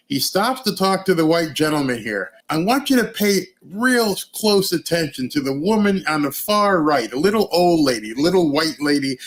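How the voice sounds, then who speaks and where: A man hosting political commentary, reacting emphatically to a video and asking rhetorical questions. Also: fairly high pitch. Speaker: news commentary host.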